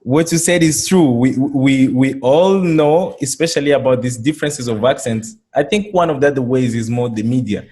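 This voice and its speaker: A man's voice: mid-range voice, normal speed, few pauses, dark tone. A man from Congo, a French speaker, hosting a casual conversation. He talks earnestly and often repeats words as he starts a thought. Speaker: host.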